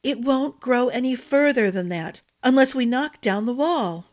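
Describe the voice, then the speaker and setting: A woman's voice: on the high side, lively intonation, a little slow, pitched above the performer's own voice. Woman voicing an earnest, stubborn young princess. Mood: insistent.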